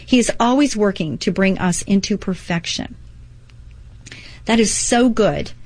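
A woman's voice: mid-range voice, lively intonation, a little slow, a little mellow, no echo. Earnest woman radio host, dry mic. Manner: earnest, encouraging, reads devotionals aloud with asides. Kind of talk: Christian inspirational radio talk.

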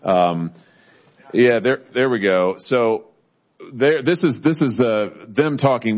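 A man chairing a formal hearing who questions witnesses in halting speech full of restarts. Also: mid-range voice, highs cut off.

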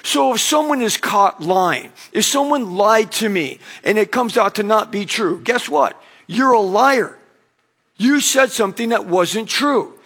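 A man preaching a conversational sermon as a pastor, telling stories and acting out quick bits of dialogue. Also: high voice, animated, fairly bright tone, breathy edge. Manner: conversational preaching with acted-out anecdotes.

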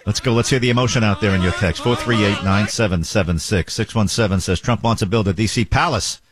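A man's voice: lowish voice, crowd noise. A man hosting a talk radio show, making sardonic comments and reading listener texts. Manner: sardonic, does quick mock impressions, reads texts.

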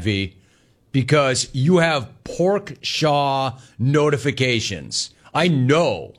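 A man's voice: medium pitch, extremely slow. Joking male sports talk host. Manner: animated, riffing and joking on viewer comments. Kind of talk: casual chat reading listener messages.

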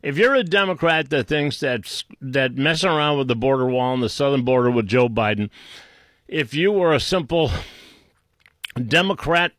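A man's voice: mid-range voice, expressive, normal speed, fairly bright tone, no echo, clean studio sound. A man giving an unscripted political rant, scornful and insulting, rambling with frequent restarts. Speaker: political commentator.

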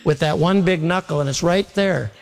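A man's voice: fairly high pitch, normal speed, slight background noise. A male pastor preaching a sermon in a folksy, repetitive way, telling homely stories. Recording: long reverb of a large hall.

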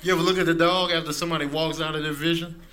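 A man's voice: fairly high pitch, little pitch movement, rapid-fire, crowd noise. A man doing stand-up comedy in a laid-back, conversational observational style. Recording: noisy live recording.

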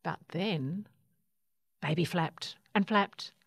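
Woman reading a kids story, slow and super expressive, dry close sound. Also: fairly low pitch, gravelly, husky, no echo. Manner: expressive, unhurried.

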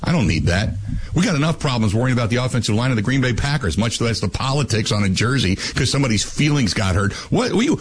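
A man hosts sports talk radio and rants at full bluster, tossing out crude insults. His voice is husky and swoops up and down in a lively way. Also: fairly high pitch, rough recording.

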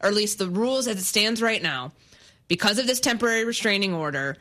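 A woman hosting sports talk radio, her voice bright and clear. She moves between brisk teasing banter and a measured news rundown. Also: mid-range voice, animated. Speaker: sports radio fill-in host. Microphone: studio microphone.

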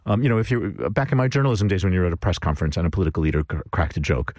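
A male panelist talks quickly in a fairly low voice. He sounds wry and stumbles over his words a little. The studio sound is dry and close. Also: lively intonation, darkish tone, no echo. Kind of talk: casual panel chat.

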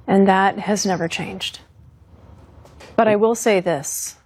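A woman in her fifties speaks as a former fighter pilot in an interview, earnest and resolute. Her voice is husky and of middling pitch. She talks steadily, with firm conviction. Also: steady tone, takes it slowly, darkish tone. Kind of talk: recounting interview.

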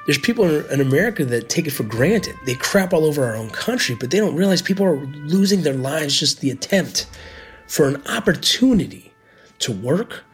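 A middle-aged man, a former Border Patrol agent, telling his own story in an earnest, reflective way, with pauses and restarts. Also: fairly high pitch, big pitch swings, breathy edge, soft background music. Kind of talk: personal storytelling.

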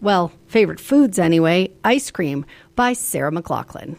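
A woman with a Chicago accent hosts local radio and chats easily through the weather and the music. Her tone is friendly and relaxed. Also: lowish voice, unhurried, vocal fry. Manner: friendly, chatty. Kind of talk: casual radio announcing.

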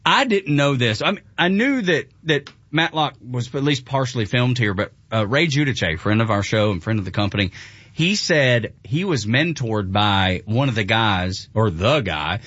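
A man's voice: mid-range voice, expressive, normal speed, fairly bright tone, dry recording, lo-fi sound. Enthusiastic Southern man chatting. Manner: laughs often, enthusiastic. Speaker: show host. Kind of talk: casual chat.

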